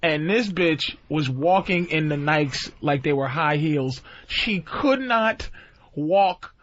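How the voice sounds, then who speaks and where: A man with a high, lively voice tells bawdy tales on a radio show. He mimics the voices of people from his stories. The sound is dull like an old broadcast. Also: slow. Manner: storytelling, acts out voices of women he met. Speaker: comedian guest. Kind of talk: casual crude radio banter.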